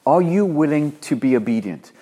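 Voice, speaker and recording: Preaching a sermon, this pastor from Africa has a husky voice that sits on the high side, with lively intonation. His delivery is earnest and emphatic, and he slows and grows louder as he quotes scripture.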